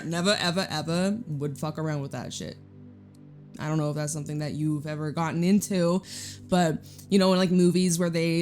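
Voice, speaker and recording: A woman's voice: on the low side, warm tone. A young Canadian woman giving a casual, chatty tarot reading, stretching out emphatic phrases. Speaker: tarot reader. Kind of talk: intuitive tarot reading to camera.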